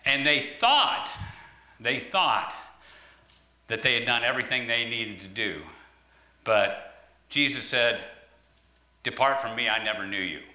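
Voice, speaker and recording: A man's voice: medium pitch, lively intonation, measured pace, long pauses, bright, forceful tone. A man giving a conversational sermon, searching for words with frequent ums and restarts. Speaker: lay preacher. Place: church hall. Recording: echoey room.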